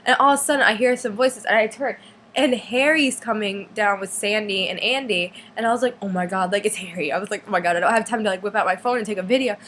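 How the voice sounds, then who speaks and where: A teenage girl tells a long story straight to the camera. She rambles and gets excited, and fillers run all through her talk. Her voice sits at a middle pitch, with a faint hiss in the background. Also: quick pace. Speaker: vlogger. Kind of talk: casual storytelling.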